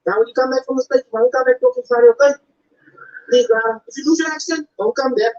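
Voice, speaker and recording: A man playing an eager hometown fellow, loudly pleading with a friend not to change, on a dull lo-fi recording. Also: extremely high pitch, fast. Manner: loud, pleading, pally. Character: eager hometown man urging him to keep his accent.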